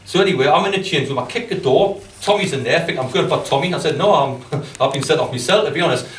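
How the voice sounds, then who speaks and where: A football manager with a strong regional accent, talking fast and laughing at his own stories. He is heard from a distant mic in an echoey press room, with faint noise behind. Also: on the high side. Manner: chatty, self-deprecating, laughs at own stories. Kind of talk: press conference storytelling.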